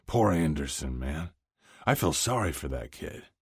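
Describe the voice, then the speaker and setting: A man's voice: rumbling low, very animated, unhurried, slightly rough, no room sound, clean studio sound, full character voice. A man voicing a crude, blunt young male hockey player who swears freely.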